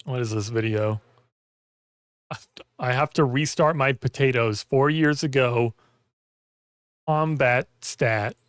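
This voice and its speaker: A man's voice: mid-range voice, takes it slowly, pauses often, clean tone, no echo, studio quality. A man chatting casually on a gaming stream, rambling with lots of "like" fillers and losing his voice. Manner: rambling, heavy use of "like". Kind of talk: casual chat while gaming.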